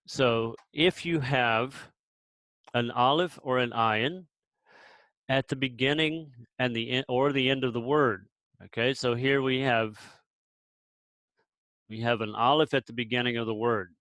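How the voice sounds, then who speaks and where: A man's voice: medium pitch, no room sound, poor audio. Patient male Hebrew tutor, dry close sound. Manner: patient, relaxed, repeats sounds slowly for learners. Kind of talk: explaining with pauses and restarts.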